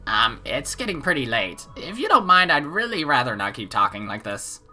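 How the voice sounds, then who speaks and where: A woman's voice: rumbling low, sing-song, moderate pace, sharp tone, faint music behind, exaggerated voice. A woman voicing a wary middle-aged housewife who talks politely and hesitantly at her front door. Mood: uneasy.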